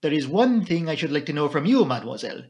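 A man's voice: a little high, big pitch swings, fast, darkish tone, dull audio. A man voicing a fussy older male Belgian detective, formal and elaborately polite. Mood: probing.

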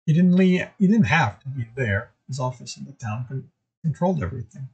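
A man's voice: mid-range voice, expressive, brisk, creaky, breathy edge, lo-fi sound. Hese man die zijn eigen boek voorleest. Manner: casual, occasional stumbles. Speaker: author reading his own book. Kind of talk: audiobook chapter reading.

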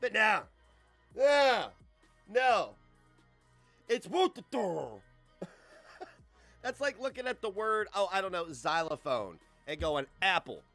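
A man in his forties streaming live, ranting in a crude, mocking, loud way. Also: high voice, expressive, slow pace, long pauses, dry recording, soft background music. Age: 40s.

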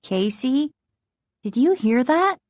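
A woman's voice: high-pitched, sing-song, slow, darkish tone, dry recording, voice pushed up, full character voice. A woman voicing an anxious, protective older sister in a storybook reading, giving urgent, worried warnings.

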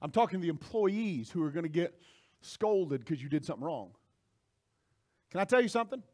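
A man preaching a sermon in a high, lively voice that climbs and drops all over. He moves from near-quiet asides to sudden shouted lines, speaking straight to the congregation. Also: brisk. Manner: animated preaching, swings from soft asides to shouting. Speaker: pastor.

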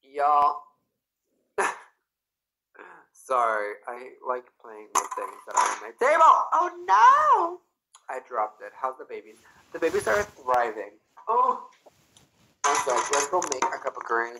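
A young man from Canada chats on his livestream and reads out viewers' comments. His voice is bright and forceful, and his pitch swings all over. He sounds bubbly and effusive. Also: big pitch swings, a little slow, long pauses, slight background noise, rough recording. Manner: bubbly and effusive, bursts into squeals. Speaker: livestream host. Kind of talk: casual livestream chat, reading comments aloud.

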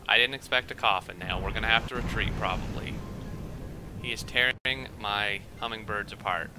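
Young male let's-play host, very bright voice, excitable and rambling, faint hiss. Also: on the low side, poor audio. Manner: rambling, excitable, quick to get worked up. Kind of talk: gameplay commentary.

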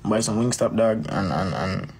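A man's voice: fairly low pitch, normal speed, creaky, a little mellow, a little hiss or hum. A man with a Jamaican accent telling a personal story in a rambling, casual way, repeating phrases and calling the listener "bro". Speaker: dancehall artist.

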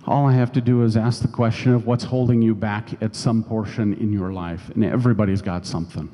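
A man's voice: lowish voice, fairly even intonation, a little fast, mellow. A man preaching a sermon as pastor, telling a personal story in a conversational way. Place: church sanctuary. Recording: long church reverb.

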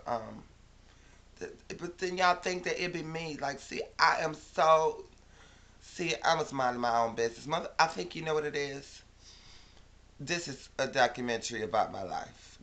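Brief: high-pitched man with a piercing tone, dramatic rant full of cursing, yells then mutters. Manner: dramatic, swearing, swings from loud shouting to low muttering. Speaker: vlogger. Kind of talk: profane ranting vlog to camera. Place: at home after waking.

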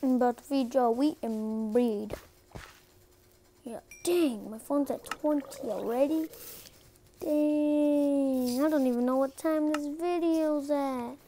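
A woman's voice: high voice, slow, warm tone, a little hiss or hum. A woman casually commenting to herself while playing a building game, playful and silly, recorded on a phone. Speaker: gameplay video creator.

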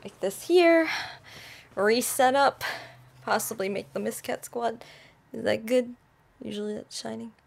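A woman's voice: fairly high pitch, a little slow, vocal fry, pauses often. A woman YouTuber flubbing her video intros, giggling and exclaiming as she restarts her lines. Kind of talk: blooper reel of vlog intros.

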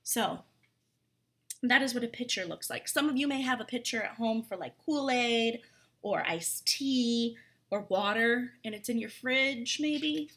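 A woman's voice: fairly high pitch, a little slow, fairly bright tone. A woman teacher reading a story aloud and explaining words to young children, chatty and full of questions.

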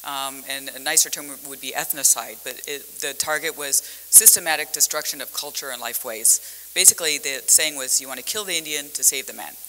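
Woman academic on a conference panel, bright and lively, acting out the dialogue, with long hall echo. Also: extremely low pitch, fairly quick, a little hiss or hum. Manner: animated storytelling, acts out dialogue, laughs often. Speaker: university professor on a conference panel. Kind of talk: conference talk with slides.

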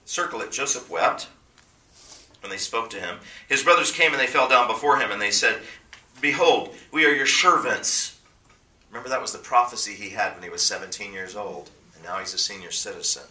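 A pastor preaching a sermon to a congregation, building to emphatic, rising bursts. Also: male voice, fairly low pitch, fairly quick, pushed and bright, reverberant, distant mic.

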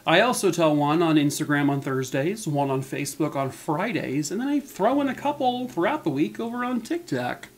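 A man's voice: a little high, animated. Chatty man wrapping up his video. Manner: chatty and quick with fillers, self-mocking. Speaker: true crime channel host. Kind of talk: casual video outro chat.

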